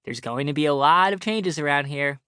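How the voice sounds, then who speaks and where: A man's voice: on the high side, a little fast, sharp tone, clear, resonant tone, no echo, studio quality. A man voicing a pushy, teasing mother-in-law who talks in a sing-songy voice in an audiobook story.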